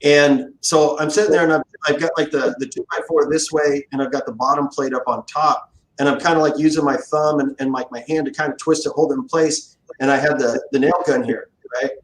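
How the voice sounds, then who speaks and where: A man's voice: fairly high pitch, fairly quick. A man hosting a livestream, telling work stories in a casual, profane way and acting out quoted lines. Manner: animated, profane, acts out quotes. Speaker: livestream host, guitar builder. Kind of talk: casual storytelling chat. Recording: roomy echo.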